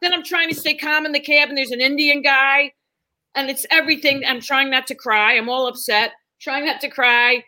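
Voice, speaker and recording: A woman's voice: high voice, normal speed, rough recording. A middle-aged woman, a stand-up comedian, telling a story casually and acting out the people in it. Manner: animated, acts out quotes in the story.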